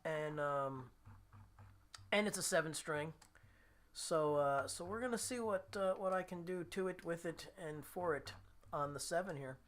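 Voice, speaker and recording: A man's voice: fairly high pitch, a little slow, a bit bright. A man hosting his weekly live guitar stream, chatting casually with viewers, laughing at himself and reading out their comments. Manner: chatty, self-deprecating, laughs often, reads viewer comments aloud. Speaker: livestream host and guitarist.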